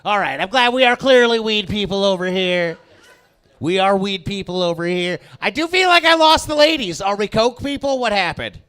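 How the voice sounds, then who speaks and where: Animated stand-up comedian, high bright voice. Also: male voice, moderate pace, clear, resonant tone. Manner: energetic, animated, swinging from loud bursts to quiet asides. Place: comedy club stage.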